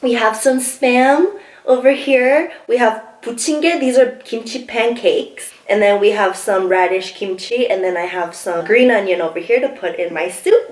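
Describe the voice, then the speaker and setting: A bubbly, excitable young woman hosting a casual mukbang, chatting about her food and laughing often. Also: fairly high pitch. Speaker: mukbang host. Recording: echoey room, mic somewhat distant.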